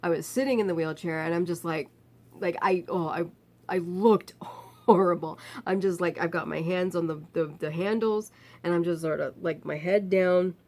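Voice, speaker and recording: A woman vlogger telling a personal story to camera, animatedly acting out the people in it and dropping to a weary, quiet tone when describing her pain. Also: on the low side, fairly even intonation, normal speed.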